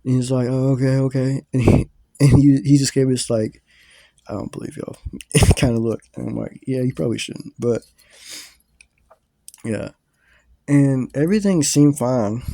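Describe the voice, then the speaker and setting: A man's voice: medium pitch, normal speed, dark tone, no echo. A young man casually telling a rambling story to his viewers, full of fillers and swearing.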